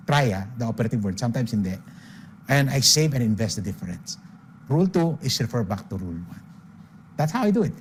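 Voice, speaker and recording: A man's voice: mid-range voice, darkish tone, slight background noise. An older man with a Filipino accent giving an emphatic seminar talk on money, switching between English and Tagalog and checking in with "okay?". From Philippines. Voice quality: emphatic, punctuates points with "okay?". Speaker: financial speaker.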